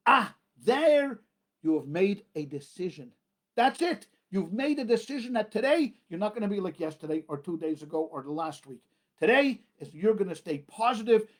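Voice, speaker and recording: A man, a rabbi, preaching a sermon with emphatic repetition and dramatic pauses. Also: sits high.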